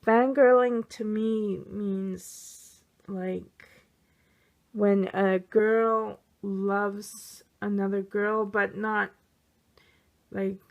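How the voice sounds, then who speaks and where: A woman's voice: mid-range voice, vocal fry. A woman chatting casually to camera in a vlog, answering tag questions candidly with plenty of fillers. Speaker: teacher of young children. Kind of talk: casual chat.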